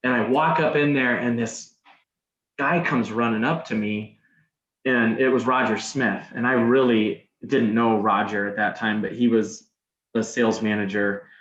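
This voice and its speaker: A man's voice: mid-range voice, fairly even intonation, unhurried, fairly bright tone. A man guest on a podcast, telling a story casually, rambling, with many restarts and "like"s. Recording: roomy, dull sound.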